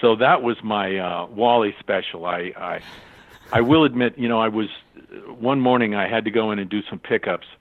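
An older man from California, a voice actor, telling lively anecdotes and acting out other people's voices as he goes. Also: on the low side, moderate pace. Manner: animated, acts out other people's voices in his stories. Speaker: voice actor guest. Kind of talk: anecdotal storytelling. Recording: tinny phone-line sound.

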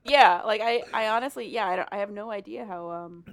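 A woman's voice: medium pitch, fairly quick, no room sound. A woman casually recapping a story with a co-host, speaking hesitantly with many restarts.

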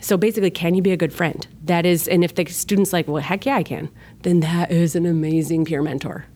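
A woman's voice: fairly low pitch, fairly even intonation, fast, warm tone. A middle-aged woman, a guest in a podcast interview, talking in a chatty, earnest way with many fillers and acting out the voices she quotes. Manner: emotional when telling personal stories. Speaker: guest, youth ministry leader and mother.

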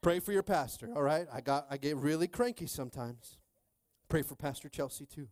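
A pastor preaches a sermon with no echo, telling a personal story animatedly in a slightly high voice at a brisk pace. He swings between hushed and loud and checks in with the crowd again and again.

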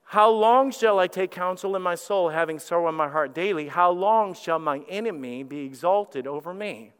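A man's voice: high voice, normal speed, fairly bright tone, clear, resonant tone. A man preaching a sermon as pastor, talking candidly and conversationally, often restarting his sentences. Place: church sanctuary. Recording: church hall reverb.

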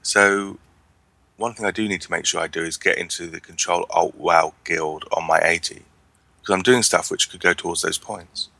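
Wry deep-voiced man chatting. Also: steady tone, moderate pace, pushed and bright, dry recording. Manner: chatty, wry, rambling with restarts. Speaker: podcast co-host. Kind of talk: casual chat.

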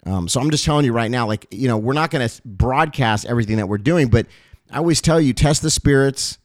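An earnest male pastor speaks directly to his supporters in a mid-pitched voice. His talk is heartfelt and emotional, full of fillers and repeated phrases. The recording is dry and close, with no room echo. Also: lively intonation, fast talker. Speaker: pastor and ministry broadcaster. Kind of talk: heartfelt address to ministry supporters.

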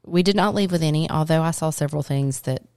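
A woman's voice: low-pitched, quick pace, slight background noise. A middle-aged woman, co-hosting a casual chat and telling stories with laughter. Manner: animated, laughing storyteller. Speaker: co-host.

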